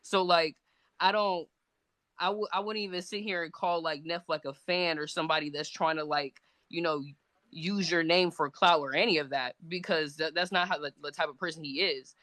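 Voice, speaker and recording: A woman's voice: deep voice, steady tone, moderate pace, a bit bright, dry recording. A woman who is a guest on a livestream, talking casually and rambling, hedging her points with lots of fillers. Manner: rambling, hedging, full of "like" and restarts.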